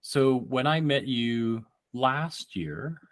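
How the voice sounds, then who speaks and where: Halting male podcast co-host. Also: mid-range voice, expressive, dry recording. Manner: halting, repeats words. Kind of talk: casual chat.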